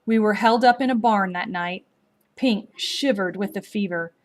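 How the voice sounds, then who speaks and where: A woman narrating a story aloud in a slow, measured, gently expressive storybook reading. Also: mid-range voice.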